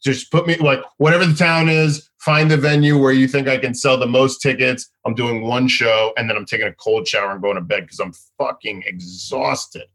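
A man's voice: mid-range voice, little pitch movement, a little fast, hardly any pauses, a bit bright. A man who is a guest comedian on a podcast, talking about touring in an intense, emphatic way and swearing often. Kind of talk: casual chat.

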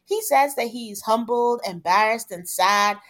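A woman's voice: fairly high pitch, measured pace, fairly bright tone. A woman co-hosting a podcast, chatting casually and retelling a reality show with quoted asides. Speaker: podcast co-host.

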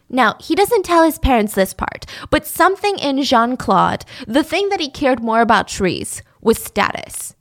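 A young woman telling a story in a chatty, sarcastic way with lively asides. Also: high voice, unhurried, few pauses. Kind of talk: casual storytime narration.

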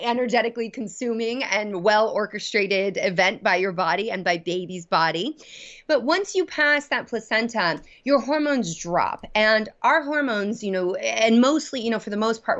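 A mid-pitched woman explains things in a chatty way, leaning on fillers and laughing as she goes. Her voice comes through a slightly dull, lo-fi line. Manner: chatty, many fillers, laughs while talking. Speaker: guest doctor, mother. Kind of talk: casual interview explanation.

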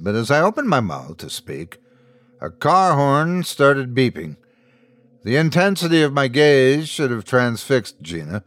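Expressive male horror storyteller. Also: medium pitch, no room sound. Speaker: host and narrator. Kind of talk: scripted horror story narration.

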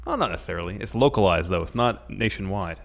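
An easygoing man co-hosting a casual podcast. His voice is on the low side. He tosses in short, agreeable replies and relaxed comments as the conversation rolls along. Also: fast, vocal fry. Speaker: podcast co-host. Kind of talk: casual chat.

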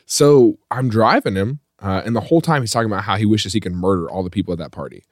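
A man with a fairly low voice tells a comic story as a podcast host, breaking into laughter again and again. The sound is close and dry, with no room around it. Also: fast talker, no echo. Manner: animated, laughs often while telling the story. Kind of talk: comedic storytelling.

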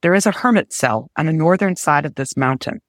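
A gallant male Scottish knight speaks in a gentle, earnest, solemn way, read by a woman. His protective vow comes across as calm and sincere. The sound is close and dry. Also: low voice, a little fast, dry recording.

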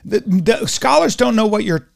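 High, gravelly man arguing. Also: animated, moderate pace. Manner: argumentative, rambling, swears a lot. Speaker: podcast co-host. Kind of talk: casual comedic podcast banter.

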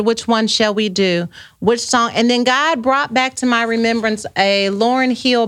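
A middle-aged woman hosts a casual podcast livestream, chatting playfully and reading out viewer comments. Her voice sits a little high. The sound is close and dry, with no room around it. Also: fairly bright tone, dry recording. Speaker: podcast host.

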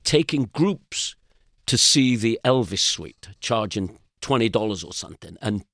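An older man, a guest telling rambling, animated anecdotes with frequent restarts in a casual interview. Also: on the low side, measured pace, dry recording, clean studio sound. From Britain.

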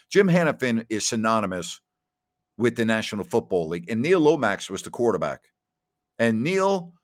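A man's voice: mid-range voice, dry recording, clean studio sound. A middle-aged man from New York hosting a radio talk show, telling rambling, nostalgic stories with plenty of fillers. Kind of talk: casual call-in show chat.

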